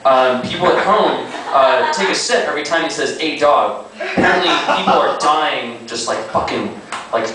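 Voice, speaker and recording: Rambling young stand-up comic, echoey club. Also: male voice, medium pitch. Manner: rambling, halting, with many fillers and self-aware asides. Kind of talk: stand-up comedy set. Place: small comedy club. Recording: echoey club, distant mic, audible noise.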